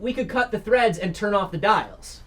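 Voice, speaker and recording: A woman's voice: mid-range voice, lively intonation, moderate pace, fairly bright tone. A woman player in a tabletop game session, chatty and joking, laughing often. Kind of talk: casual tabletop game chat.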